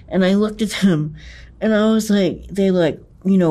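A man recounting a personal ordeal in conversation, talking in an intense, profane and halting way, with many restarts and emphatic repetitions. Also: high-pitched, a little mellow. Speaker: interviewee.

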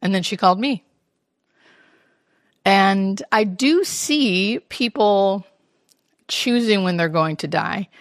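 A woman's voice: mid-range voice, slow pace, pauses often, dry recording, clean studio sound. A woman, a hospice nurse, telling stories in an interview and acting out the voices of the people in them. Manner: animated storyteller who acts out quoted speech. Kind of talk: interview storytelling.

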